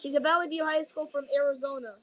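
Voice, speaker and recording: High-pitched woman rambling through live commentary. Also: steady tone, quick pace, a bit bright. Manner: chatty, rambling, jokey asides. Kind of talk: casual live draft commentary.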